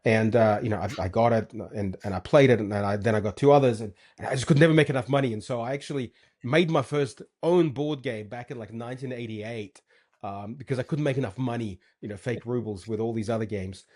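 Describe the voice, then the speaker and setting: Fast-talking man. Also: mid-range voice, darkish tone. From Moldova. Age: 40s. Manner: rambling, many fillers and restarts. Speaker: guest entrepreneur. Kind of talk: casual interview chat.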